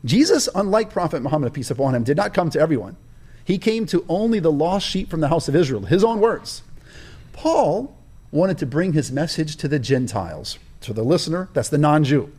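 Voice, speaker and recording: A man shares his life story as an interview guest, animated and emphatic, with a preaching cadence that stresses key words. His voice is a little high and darkish, with a breathy edge, and he talks a little fast.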